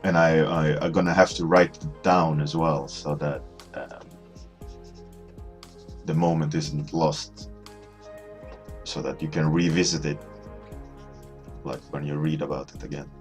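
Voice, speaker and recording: A man in his thirties, an artist chatting casually as he works, rambling and halting with many restarts. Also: a bass voice, flat delivery, soft background music. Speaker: artist streaming a warmup session. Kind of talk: casual storytelling while working.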